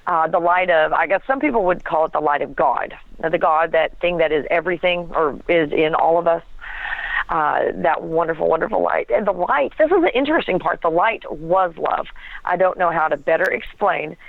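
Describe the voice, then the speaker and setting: Woman guest, lively storyteller who acts out dialogue, heard over a thin phone line. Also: on the low side, moderate pace, creaky, dry recording. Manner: animated storytelling with laughs and acted quotes. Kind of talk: telling a personal story.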